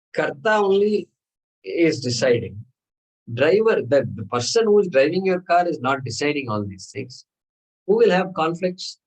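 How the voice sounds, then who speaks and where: A man's voice: on the high side, darkish tone, rough recording. Man teaching a scripture class. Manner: explanatory, repetitive phrasing with Sanskrit terms.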